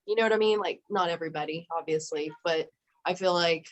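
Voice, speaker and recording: A woman's voice: fairly low pitch, quick pace, lo-fi sound. A woman in a casual group video chat, talking on and checking in with "you know what I mean?". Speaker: group member.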